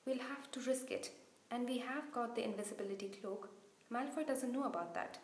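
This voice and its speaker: A woman's voice: on the high side, fairly quick, close to an everyday voice. A woman voicing a level-headed young schoolboy who firmly lays out a plan, in a roomy-sounding recording. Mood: determined. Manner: firm, planning. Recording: roomy echo.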